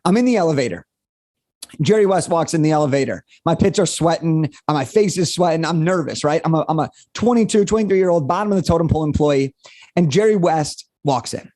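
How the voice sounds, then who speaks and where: An upbeat young man tells a story as a podcast guest, with high-energy, animated delivery. His voice sits high but sounds mellow and warm, recorded dry and close. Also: brisk, dry recording. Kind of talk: storytelling interview answer.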